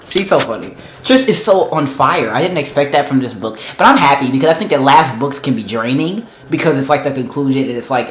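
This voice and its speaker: A man vlogging casually about a book he is rereading, gushing and excitable, full of "like" and "y'all". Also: mid-range voice, a little hiss or hum. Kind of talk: casual reading vlog. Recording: roomy echo.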